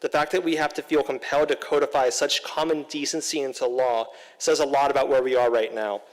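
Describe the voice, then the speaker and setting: A man giving formal, measured prepared remarks at a council meeting. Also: medium pitch, steady tone, long reverb tail, low-quality recording. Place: council chamber.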